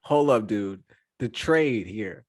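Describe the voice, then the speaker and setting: A man's voice: fairly low pitch, animated, slow. Eager male podcast host. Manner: eager, urges the guest on. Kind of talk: casual interview chat.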